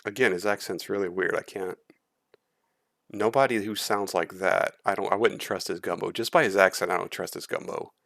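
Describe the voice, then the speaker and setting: Man, gravelly voice, blunt critical reaction talk, dry close sound. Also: deep voice, moderate pace, fairly bright tone, dry recording. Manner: blunt, critical, swears freely. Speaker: streamer. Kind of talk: casual reaction commentary.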